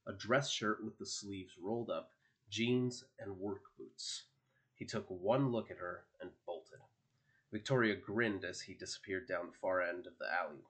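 A man narrating an audiobook in a steady, expressive storytelling manner. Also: lowish voice.

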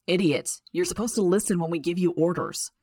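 A woman's voice: on the low side, brisk, mellow, no room sound, clean studio sound, lightly acted. A woman voicing a stern young man, an older brother, in a curt, blunt way.

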